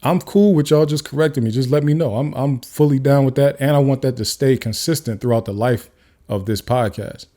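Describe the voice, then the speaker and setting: A man's voice: mid-range voice, fairly quick, warm tone. A man hosting his own podcast, talking off the cuff in casual solo commentary with frequent restarts. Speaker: podcast host. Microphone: camera-facing studio mic.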